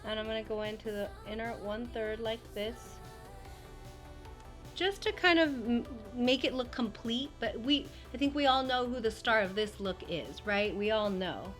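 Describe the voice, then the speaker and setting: A woman's voice: on the high side, normal speed, faint music behind. A woman talking casually through a makeup tutorial, gushing and chatty with lots of fillers. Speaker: beauty vlogger.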